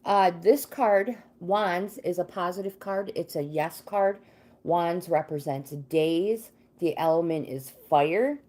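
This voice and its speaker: An unhurried woman hosts a casual livestream, reading tarot cards for viewers. She talks slowly and chattily, drifts off track, and greets people by name as they arrive. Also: lowish voice, a little mellow. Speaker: livestream host and tarot card reader.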